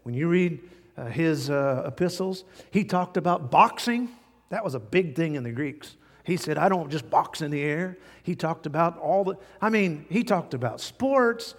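A man preaching a sermon as pastor, folksy and animated, chuckling now and then at his own jokes. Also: fairly high pitch, in a large hall.

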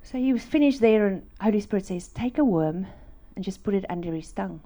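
A woman's voice: mid-range voice, lively intonation, a little fast, mellow. A woman, telling a personal faith story as a sermon and acting out the voices in it. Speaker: speaker at a church. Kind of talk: testimony sermon.

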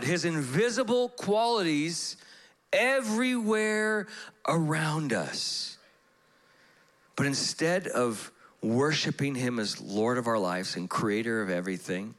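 A pastor preaching a sermon in church, animated, acting out voices in his stories. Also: lowish voice.

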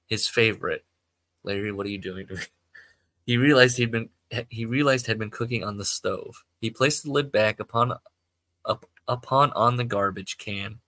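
A man's voice: on the low side, sharp tone, no room sound. A man hosting a podcast who reads amateur fiction aloud, stumbles, corrects himself, and breaks off into rambling asides. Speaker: podcast host.

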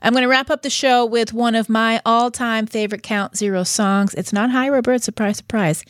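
A woman's voice: on the high side, fairly even intonation, normal speed, no echo, clean studio sound. A woman radio host with a Boston accent, chatting in an upbeat, breezy way as she wraps up her show. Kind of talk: casual radio sign-off chat.

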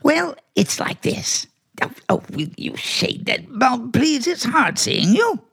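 A bossy talking tomcat in an old radio play, gravelly, voice jumps all over. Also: male voice, extremely high pitch, sing-song, slow, a bit bright, exaggerated voice. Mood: scheming. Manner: smug, bossy, theatrical. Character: scheming clever talking male house cat. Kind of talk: 1940s radio acting.

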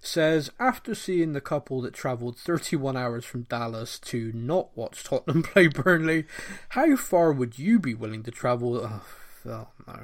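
A man's voice: medium pitch, expressive, moderate pace, hardly any pauses. Laughing Bristolian man hosting a chat. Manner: reads listener questions aloud, laughs often, self-deprecating. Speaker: podcast host. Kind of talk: casual podcast chat.

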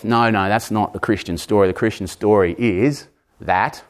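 A man in his forties preaching a sermon, emphatic, repeating words and moving between raised and hushed delivery. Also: fairly low pitch, moderate pace. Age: 40s.

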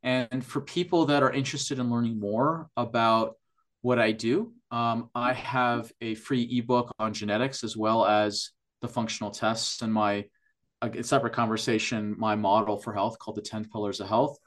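A man's voice: medium pitch, flat delivery, normal speed, a bit bright. A man who works in functional medicine, a guest on a podcast interview, explaining at length with enthusiasm and frequent restarts.

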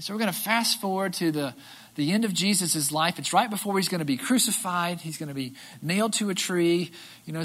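Bright-voiced casual preacher. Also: mid-range voice. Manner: casual, animated retelling with acted-out quotes and filler "right?". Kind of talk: sermon.

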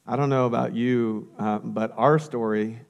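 Slow, earnest male pastor. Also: medium pitch, steady tone, vocal fry, dull audio. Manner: earnest, repeats key phrases. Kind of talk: sermon with closing prayer.

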